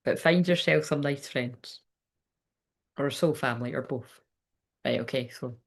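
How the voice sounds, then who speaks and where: Gravelly chatty woman medium. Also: extremely low pitch, a little slow. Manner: chatty, rambling, laughs often, swears freely. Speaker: psychic medium. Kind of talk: casual live reading chat.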